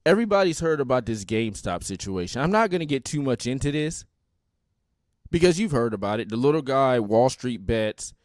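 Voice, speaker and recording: Animated man podcasting, dry close sound. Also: mid-range voice, fairly quick, no echo. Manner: animated, mocking, laughing asides. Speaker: podcast host. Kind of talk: casual comedic commentary.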